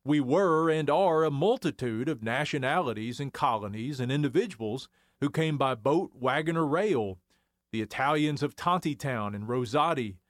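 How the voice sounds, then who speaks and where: A man's voice: medium pitch, no room sound, clean studio sound. Wry man reading an essay. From Arkansas Ozarks. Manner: storytelling, measured and wry. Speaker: historian essayist. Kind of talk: scripted radio essay reading.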